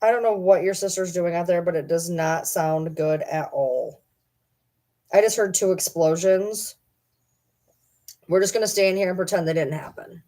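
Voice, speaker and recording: Her voice is fairly low and dark, moving at a moderate pace as this Michigan woman chats casually with viewers. She rambles, teases, and talks to her pets in between.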